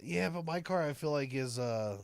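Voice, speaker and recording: A man co-hosting a podcast in casual chat, relaxed and teasing with dry quips. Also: on the high side, moderate pace, gravelly, clear, resonant tone, no room sound. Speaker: podcast co-host.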